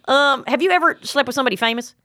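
A woman hosting a podcast, asking questions in a blunt, profane, animated casual chat. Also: high-pitched, rapid-fire. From not from New Jersey. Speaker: podcast host.

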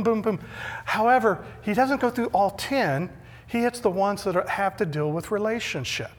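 Middle-aged male pastor, conversational sermon delivery, slightly high voice, reverberant hall. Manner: conversational, repeats words when emphatic.

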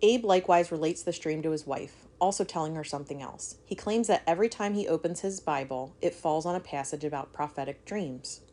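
A woman's voice: low voice, fairly quick, few pauses, warm tone. A woman co-hosting a podcast, reading a history story aloud and breaking off to joke and swear. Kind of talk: casual storytelling chat.

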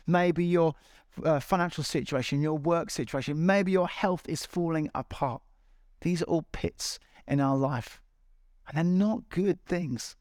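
Male pastor, earnest sermon, encouraging, fairly high voice, dry close sound. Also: unhurried, darkish tone, no room sound. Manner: earnest, encouraging, with repeated appeals. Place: large church hall.

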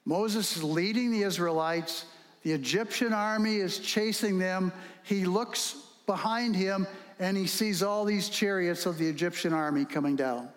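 A man's voice: sits high, unhurried. A male pastor preaching a sermon, telling stories animatedly and firing rhetorical questions. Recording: long reverb in a hall.

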